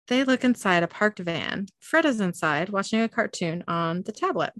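A young woman hosting a podcast, reading an episode recap aloud in a loose, casual way with plenty of ums. Her voice sits at an average pitch and is recorded dry and close. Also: lively intonation, normal speed, few pauses, fairly bright tone, no echo. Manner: casual, with frequent ums and laughs. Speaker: podcast host.

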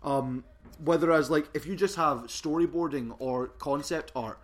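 Male podcast co-host, slightly raised pitch, casual and playful. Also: a little slow. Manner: chatty, reads card text aloud with playful emphasis. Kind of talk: casual chat.

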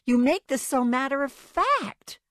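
A woman's voice: sits high, very animated, unhurried, fairly bright tone, no echo, clean studio sound. A woman interviewer asking engaged, encouraging questions in a conversational interview.

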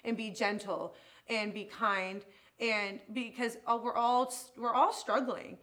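A woman's voice: fairly high pitch, steady tone, slow, a bit bright. A woman who owns a salon, talking as a guest in a casual chat; emotional and rambling, often restarting her sentences.

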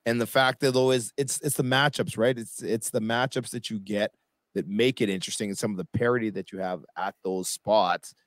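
Canadian man, fairly low voice, dry close sound, measured sports chat. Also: steady tone, no echo. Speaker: podcast co-host.

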